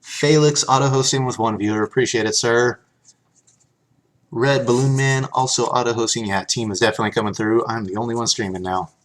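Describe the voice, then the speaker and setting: A man's voice: mid-range voice, fairly even intonation, a little fast. Chatty man streaming pack openings. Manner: chatty, reads card text aloud, thanks viewers, laughs easily. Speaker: streamer opening card packs. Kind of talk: casual live-stream chat.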